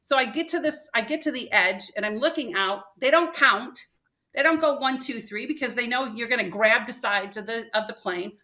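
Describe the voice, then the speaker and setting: Bright-voiced older woman telling stories. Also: on the high side, moderate pace. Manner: animated storyteller acting out quotes. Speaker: podcast guest. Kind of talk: personal storytelling.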